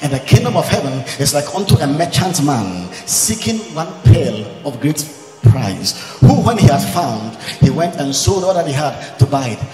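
A man preaching with passion, his slightly high voice rising and falling widely as he quotes scripture and breaks into shouts. He is heard in a large echoing hall with soft music behind him. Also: sing-song, moderate pace. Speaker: pastor. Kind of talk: sermon. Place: large church event hall. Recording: echoey hall recording.

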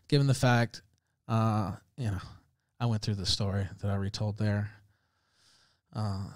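A man's voice: mid-range voice, no echo. A man hosting a livestream, ranting in heated, profane casual talk and breaking into laughs. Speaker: livestream host.

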